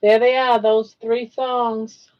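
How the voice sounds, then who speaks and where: Slow-spoken, awed older woman streamer. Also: a little high, little pitch movement, muffled recording. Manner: awed and emotional, repeating herself. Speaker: livestream host. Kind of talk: casual livestream chat.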